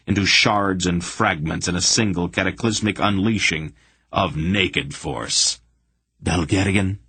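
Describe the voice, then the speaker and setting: A man narrating a fantasy audiobook in a measured, deliberate reading. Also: low-pitched, pushed and bright, slightly rough, no room sound. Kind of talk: scripted narration.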